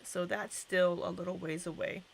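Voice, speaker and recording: A woman's voice: on the low side, fairly even intonation, moderate pace, creaky, a little hiss or hum. A young woman hosting a casual livestream, chatting and greeting viewers by name. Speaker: livestream host.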